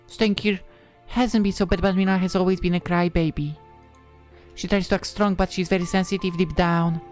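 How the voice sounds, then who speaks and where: Woman voicing a soft, wistful priestess. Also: fairly low pitch, pitched above the performer's own voice, natural voice. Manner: soft, slow, dreamy. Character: gentle young priestess woman, wistful and caring. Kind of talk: visual novel reading.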